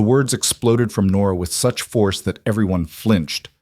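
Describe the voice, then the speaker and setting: Low-voiced man narrating a western. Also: darkish tone, dry recording, studio quality. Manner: brisk, dramatic storytelling. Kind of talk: dramatic audiobook narration.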